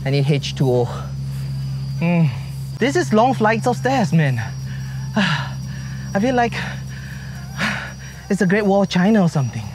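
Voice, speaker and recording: Out on a forest trail, a vlogger talks to his viewers as he hikes, winded, joking and griping on the climb. His voice is high and sing-song, slow, with long pauses over a noisy background.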